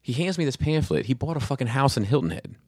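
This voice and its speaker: A man's voice: medium pitch, very animated, fast, darkish tone, breathy edge, no room sound, studio quality. A man hosting a casual podcast chat, telling stories animatedly with lots of swearing and stammered restarts. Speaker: podcast host.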